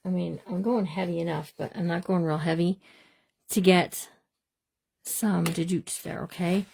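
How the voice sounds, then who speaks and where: A woman's voice: fairly low pitch, steady tone, a little slow, vocal fry, darkish tone, slightly rough. A middle-aged woman hosting a live crafting demonstration from her home craft room, chatting with viewers as she works. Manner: chatty, talks to viewers as "you guys"; bubbly, playful made-up words. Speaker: craft livestream host.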